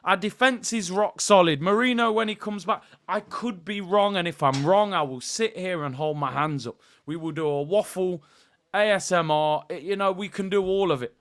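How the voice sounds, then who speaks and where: A man talks live to his stream viewers. He rants in an animated, exasperated way and keeps calling out to the chat. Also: sits high, moderate pace. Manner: animated, exasperated rant addressing viewers as people. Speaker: football channel host.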